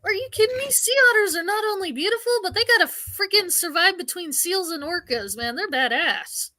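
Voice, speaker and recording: A woman co-hosting a casual online stream, talking in an excitable, giggly way. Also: very high-pitched, brisk, no echo. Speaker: stream co-host. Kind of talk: casual chat.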